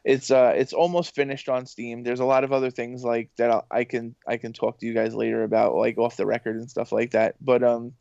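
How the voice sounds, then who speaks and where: A man talking as a podcast guest in a casual, excitable, rambling way, full of fillers. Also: mid-range voice, brisk, gravelly, few pauses, no echo. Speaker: podcast guest, professor and voice actor. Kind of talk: casual interview chat. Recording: dull lo-fi dry sound.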